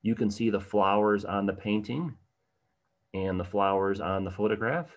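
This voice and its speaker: Low-voiced guy doing an art talk on a livestream, chatty, lots of ums, answers chat questions. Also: steady tone, normal speed. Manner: conversational, with frequent ums and uhs. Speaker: art history presenter. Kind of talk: livestream slideshow lecture.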